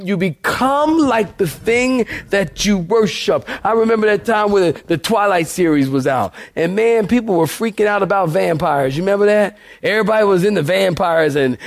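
A male pastor giving a lively sermon, with big swings in volume and pace. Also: sits high, creaky. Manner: animated preaching with shifts in volume and pace.

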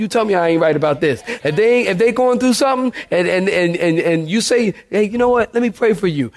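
Animated male pastor preaching. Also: high voice, fast, hardly any pauses. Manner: animated preaching with shifts in volume and pace. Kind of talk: lively sermon.

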